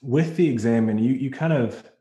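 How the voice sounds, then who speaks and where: Male co-host, warm tone, hesitant, echoey room sound. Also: mid-range voice. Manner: halting, many ums and restarts. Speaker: podcast co-host. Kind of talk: casual podcast interview.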